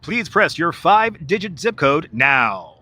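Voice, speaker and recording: A stiff automated phone-line voice, as a man puts it on, reading its menu slowly and over-enunciating every word. It sits a little high and bright, with a clipped, machine-like evenness. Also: sing-song, no room sound, exaggerated voice. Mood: announcing.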